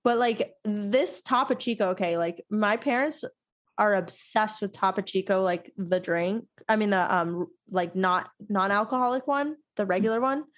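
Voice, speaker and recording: A woman's voice: medium pitch, moderate pace. A young woman hosting a casual podcast chat, rambling with lots of fillers and frequent laughter. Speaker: podcast host.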